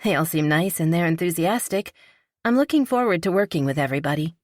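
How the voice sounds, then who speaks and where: A woman's voice: fairly low pitch, expressive, quick pace, dry recording, clean studio sound, natural voice. A woman reading a polite, shyly playful young woman. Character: young wealthy woman, warm, slightly shy, playful. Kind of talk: audiobook character reading.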